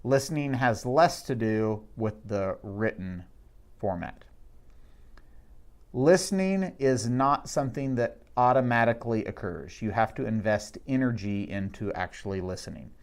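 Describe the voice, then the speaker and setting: A man, an instructor, narrating a recorded lecture summary in a measured, explanatory way and slowing down to stress key words. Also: fairly low pitch.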